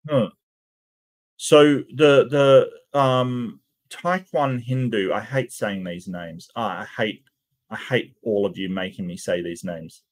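A man's voice: fairly low pitch, slow pace. A man hosting a channel, giving casual reaction commentary in a hesitant way, with lots of stammered restarts and ums. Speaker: channel host reacting to cartoon clips.

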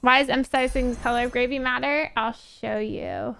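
A woman's voice: high-pitched, fairly even intonation, brisk, vocal fry, fairly bright tone, clear, resonant tone. An American woman streaming a game, chatting casually and laughing often as she explains things with asides. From United States. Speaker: gaming streamer. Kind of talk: casual chat while playing a game.

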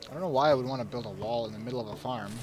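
A young man commentating his game, swinging from shouted orders and mock-royal speeches to low muttering. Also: rapid-fire, noisy background. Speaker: gamer. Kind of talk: let's play commentary.

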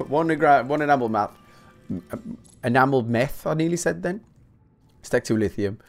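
A man talks through a game he is playing, rambling into jokey rants aimed at his viewers. His voice sits at an ordinary middle pitch, and his chatter is loose and full of swearing. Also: very animated, a little slow, faint music behind. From England. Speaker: gaming YouTuber. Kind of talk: casual let's-play commentary.

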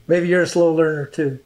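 Slow, earnest man preaching a sermon. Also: a little high, darkish tone. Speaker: pastor.

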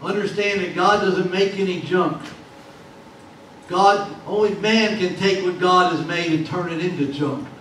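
A man's voice: high-pitched, unhurried, a bit bright. A man preaching a sermon as pastor, in a folksy, repetitive preaching cadence. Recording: very echoey hall, distant mic, faint noise.

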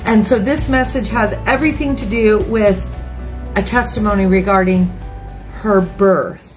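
Woman in her fifties, grandmother, informal sermon, emotional and chatty, mid pitch, faint background music. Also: normal speed, low-quality recording. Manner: warm, chatty and emotional, with lively asides. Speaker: ministry speaker. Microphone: phone or webcam, online broadcast.

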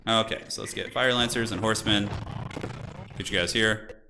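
A man's voice: on the low side, steady tone, moderate pace, background noise. Chatty man narrating his strategy game. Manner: chatty, thinks aloud, frequent restarts. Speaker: streamer playing a strategy game. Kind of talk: casual gameplay commentary.

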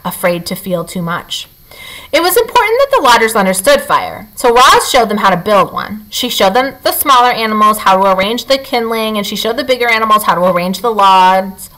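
A woman reading a children's novel aloud, expressive, lifting and dropping her tone as she reads. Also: mid-range voice, low-quality recording. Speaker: storybook reader.

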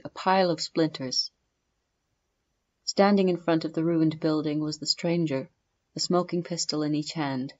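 A woman reading a fantasy story aloud as an audiobook narrator, in a measured storytelling delivery. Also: low voice, a little mellow, highs cut off.

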